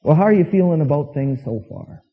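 A man's voice: fairly high pitch, expressive, fairly quick, slightly rough. A man preaching a sermon as pastor, telling stories and acting out quoted voices with emphasis. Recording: tinny phone-like sound with long reverb.

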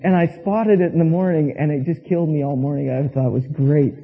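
A man's voice: on the high side, steady tone, fairly quick, creaky, slightly rough. A man preaching a sermon as pastor, telling stories and acting out quoted voices with emphasis. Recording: tinny phone-like sound with long reverb.

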